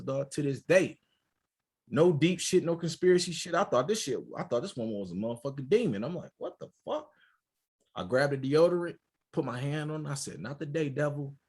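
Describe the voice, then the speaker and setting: A man from Michigan, a podcast co-host, telling a story in casual, profane and animated chat. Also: fairly high pitch, slightly rough. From Port Huron, Michigan.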